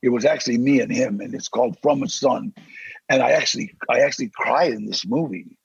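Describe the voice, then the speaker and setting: An older man, a podcast guest, telling animated stories in a casual interview and acting out the voices he quotes. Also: medium pitch, a little fast, dry recording. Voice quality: gravelly, husky. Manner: animated, acts out quoted voices, growls threats. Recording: dry, slightly dull sound.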